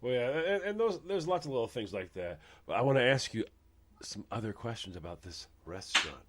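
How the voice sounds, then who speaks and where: A male radio host chatting casually with a guest, his pitch swinging widely as he jokes. He laughs at his own puns and often stammers and restarts his sentences. His talk rises and falls with a lively, animated pitch. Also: a little fast, noisy background.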